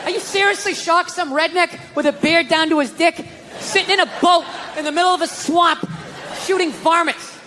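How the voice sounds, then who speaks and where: A man doing a stand-up comedy routine, ranting with lots of profanity and shouting his punchlines. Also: very high voice, steady tone, moderate pace. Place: comedy stage before a live audience. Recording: live club set with crowd laughter and noise.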